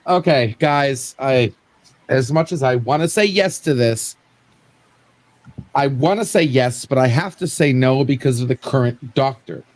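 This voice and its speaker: A man, a panelist on a live-stream show, giving a rambling, animated rant full of restarts and repeated words. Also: mid-range voice, unhurried.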